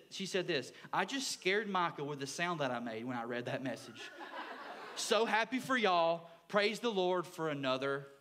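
A young man, preaching as a youth pastor in a church and telling stories with earnest excitement. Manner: earnest, storytelling, excitable with sudden lifts in pitch. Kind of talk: sermon.

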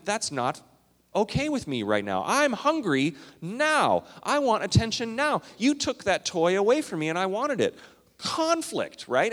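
A male pastor from Minnesota and Canada delivers a sermon with a lively, wide-ranging pitch. He talks to the congregation conversationally, punching some phrases loudly and dropping others to a murmur. His voice rings with a long reverb off a large hall. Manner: animated, conversational, swinging between loud emphasis and quiet asides.

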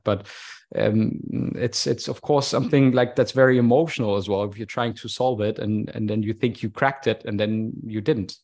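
A man hosting a podcast interview, talking in an animated way with frequent restarts and repeated words. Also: mid-range voice, normal speed. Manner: animated, many restarts and stammers. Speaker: podcast host. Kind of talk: casual interview chat.

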